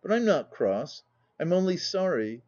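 Meek, sorrowful young wife, voiced by a male reader, storybook audiobook, soft and tremulous, mellow tone, muffled lo-fi sound. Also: a little high, sing-song, measured pace. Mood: wistful.

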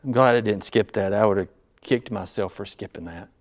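A male pastor preaching an expository sermon, swinging between loud urgent emphasis and low, quiet asides. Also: fairly quick.

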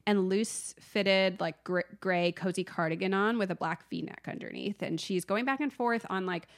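A woman's voice: medium pitch, moderate pace. A young woman co-hosting a podcast, chattily recapping a movie scene by scene with lots of "like". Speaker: podcast co-host. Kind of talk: casual movie recap chat.

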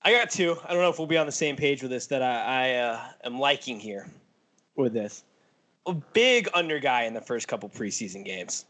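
A man's voice: medium pitch, lively intonation, moderate pace, a bit bright. A man hosting a casual podcast, blunt and joking with mild cursing. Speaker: podcast host. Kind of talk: casual chat.

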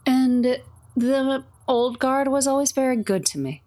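A woman player role-playing her character in a theatrical, smooth, flirtatious manner. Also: high voice, unhurried, dark tone.

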